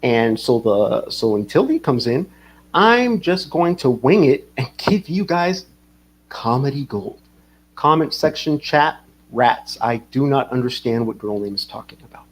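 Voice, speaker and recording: A man's voice: mid-range voice, animated, unhurried, a little hiss or hum. A man hosting a livestream, rambling casually, swearing and reading chat comments aloud. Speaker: livestream host.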